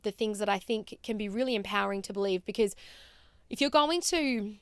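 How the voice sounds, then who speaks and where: A woman in her thirties with an Australian accent, hosting a podcast and telling a personal story in a chatty, animated way with fillers. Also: mid-range voice, brisk, clean tone, no echo. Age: 30s. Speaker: podcast host.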